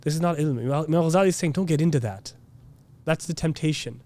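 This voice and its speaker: A man's voice: fairly high pitch, brisk, mellow. A man giving a casual religious lesson, chatty and full of "you know" and "like", now and then mimicking preachers. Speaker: Islamic teacher. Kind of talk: casual classroom lecture.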